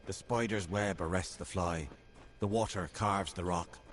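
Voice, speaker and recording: An actor voicing a grave, solemn male narrator in a game cutscene, measured delivery. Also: low-pitched, fairly even intonation, a little hiss or hum.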